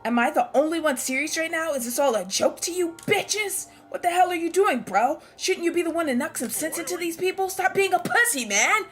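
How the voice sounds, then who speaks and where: A woman voicing a hot-tempered teenage boy who shouts and drags out his furious words, reading a visual novel aloud with voices. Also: extremely high pitch, expressive, faint music behind. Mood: raging. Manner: shouting, drawn-out furious yelling.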